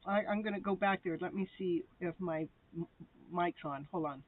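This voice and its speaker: A woman's voice: on the low side, normal speed, heavy background noise. A woman hosting a live tarot show, chatting casually with viewers and laughing often as she rambles. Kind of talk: casual live-stream chat. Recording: tinny phone-like sound.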